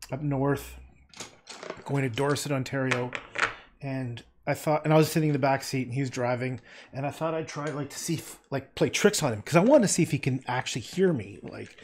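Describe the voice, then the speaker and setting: A man's voice: medium pitch, a little mellow, slight background noise. Rambling man muttering while painting. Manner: rambling, mutters to himself, playful nonsense words, swears casually. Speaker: painter streaming live. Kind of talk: casual livestream chatter while painting.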